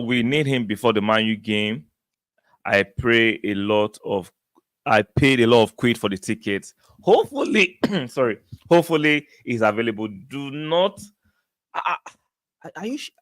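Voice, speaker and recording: A man's voice: fairly low pitch, a bit bright, dry recording, studio quality. A man hosting a live football fan stream, reading viewer comments in a chatty, rambling way with many fillers and restarts. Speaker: football fan channel host.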